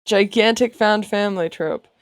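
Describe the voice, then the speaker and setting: A woman artist chats casually as she draws on a livestream, playful, sarcastic and often laughing. Her mid-range voice moves at normal speed in a dry recording with clean studio sound.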